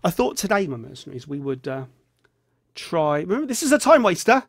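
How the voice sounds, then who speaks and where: A man talks in a loose, rambling vlog, joking as he goes while feeling ill. His voice sits fairly high and swings about a lot, and it often sinks into a low mutter on asides. The sound is close and dry. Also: big pitch swings, a little fast, gravelly, no echo. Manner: rambling, jokey, drops into a low mutter on a catchphrase. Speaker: vlogger.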